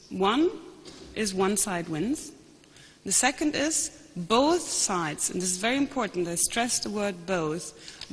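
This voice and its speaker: A woman panelist giving an analytical, measured conference talk, often restarting her sentences. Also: medium pitch, fairly bright tone, slight background noise. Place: large conference hall. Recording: long hall reverb.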